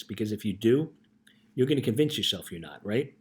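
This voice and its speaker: A man's voice: fairly low pitch, animated, fairly quick. Man, middle-aged, earnest, casual motivational talk, storytelling coach. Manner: storytelling, earnest, often asks "right?". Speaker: youth life coach.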